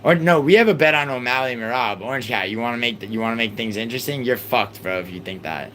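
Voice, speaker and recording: A man's voice: medium pitch, a bit bright, rough recording. Young male livestream host, heated and profane, mid voice, slight background hum. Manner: exasperated, swearing, rapid outbursts.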